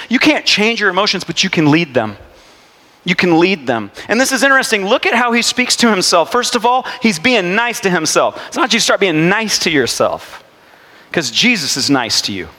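A man preaching a sermon as pastor, casual and animated, calling for amens. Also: sits high, big-room sound.

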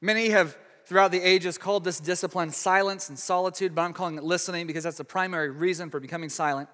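A man preaching a sermon in a conversational way, stumbling over restarts and dropping to a hush for emphasis. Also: sits high, fairly even intonation, fast. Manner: conversational preaching with frequent restarts, dramatic hushed drops. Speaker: pastor. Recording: long hall reverb.

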